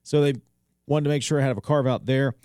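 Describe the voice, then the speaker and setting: A man's voice: medium pitch, fairly even intonation, fast, darkish tone, smooth, no room sound. A man hosting a local talk radio show, reading headlines and commenting in a conversational way with wry asides. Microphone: studio microphone. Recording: dry studio sound.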